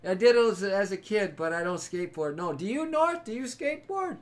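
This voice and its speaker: A man hosting a late-night livestream, chatting loosely and warmly with viewers and calling them brother and man. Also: sits high, very animated, a little fast, over loud music. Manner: upbeat, rambling, calls people brother and man. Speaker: livestream host. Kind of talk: casual chat with live viewers.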